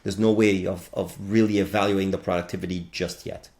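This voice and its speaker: An energetic man in his late thirties chats casually as a podcast guest. He talks in quick bursts, tosses in little sound effects, and stays lively throughout. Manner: animated, talks fast in bursts with sound effects like bam and boom. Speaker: guest, fractional CTO.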